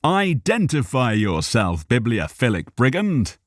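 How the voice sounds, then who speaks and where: A man's voice: medium pitch, huge pitch swings, a little slow, dry recording, studio quality, voice pushed up. A man doing a verbose, grandiloquent scholar barbarian. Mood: grand. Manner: grandiloquent, long words, patient.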